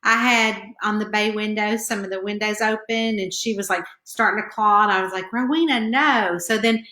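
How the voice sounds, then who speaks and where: Speaking at a moderate pace with little pitch movement, this middle-aged woman's medium voice sounds pushed and bright. She's an author with a Southern hillbilly twang, nervously chatting on a home live stream and greeting viewers by name, with room echo.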